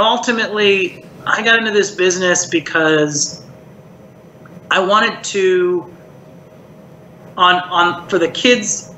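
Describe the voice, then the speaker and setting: Middle-aged guy from maryland, chatty and rambly, bright voice in an echoey room. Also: fairly high pitch, dull audio. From Maryland, United States. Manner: chatty, reflective, lots of "like" and "you know". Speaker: puppeteer and voice actor, guest. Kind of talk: casual interview chat. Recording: roomy echo, faint hiss.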